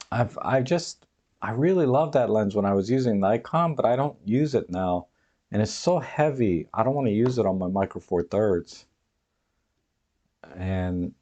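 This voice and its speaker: A man's voice: fairly low pitch, mellow. A man hosting a live stream from home, chatting casually and rambling through viewer comments with frequent laughs. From United States. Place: home, dog nearby.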